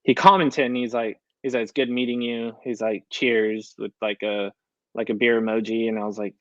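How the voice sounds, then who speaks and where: In a casual interview, a young country singer tells stories and acts out his earlier lines, frequently saying "I was like." His lowish voice is brisk with fairly even intonation, captured in a dry, lo-fi recording.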